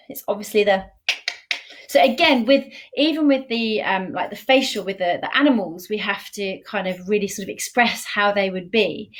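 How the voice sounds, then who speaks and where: A woman teaching a beginner sign language lesson in a live stream, encouraging and repeating key phrases slowly and firmly. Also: medium pitch.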